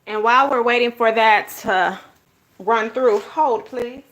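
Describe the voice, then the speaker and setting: A woman's voice: on the high side, measured pace, fairly bright tone. A woman hosting a casual planner-craft livestream, chatting to viewers as "y'all" and "honey.". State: out of breath. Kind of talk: casual livestream tutorial chat.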